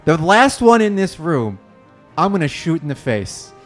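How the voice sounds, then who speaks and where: A man's voice: a little high, very animated, moderate pace, faint music behind. A man doing improv comedy, delivering a crude, aggressive mock pep talk. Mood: angry. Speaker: podcast guest.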